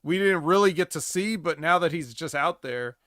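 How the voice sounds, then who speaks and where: Male co-host, rambling chatty storyteller, slightly high voice, dry close mic. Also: lively intonation, normal speed, fairly bright tone, no echo. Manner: rambling, many "like" fillers and restarts. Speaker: podcast co-host. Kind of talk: casual wrestling podcast chat.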